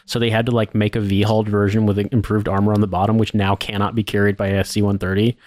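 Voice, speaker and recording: A man's voice: on the low side, flat delivery, quick pace, a little mellow, a little hiss or hum. A man co-hosting a podcast, rambling in a casual, profane way with lots of fillers. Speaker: podcast co-host. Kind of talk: casual chat.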